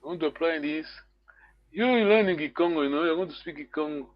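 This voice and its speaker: High-pitched guy teaching a language class, keeps saying bravo, muffled sound. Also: fast talker, no room sound. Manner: encouraging, repeats words.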